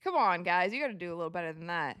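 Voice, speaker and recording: A young woman hosting a live basketball watch party, calling plays excitedly and talking to her viewers. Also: on the low side, racing, clear, resonant tone, no echo. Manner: excitable, reacts loudly to plays, talks to viewers as you guys. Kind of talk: live game commentary to chat.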